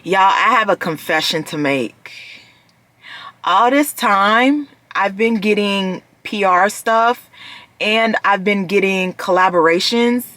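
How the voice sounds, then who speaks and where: A woman's voice: medium pitch, takes it slowly, bright, forceful tone, no room sound. A woman in her thirties, a vlogger chatting casually to her viewers, often addressing them as "y'all" and trailing off mid-thought. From United States. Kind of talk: casual vlog chat.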